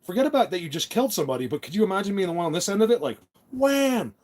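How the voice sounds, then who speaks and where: A man's voice: high-pitched, sing-song, very fast, a little mellow. A man hosting a casual live stream on his phone, rambling and joking about talking tough. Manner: rambling, talks tough in jest.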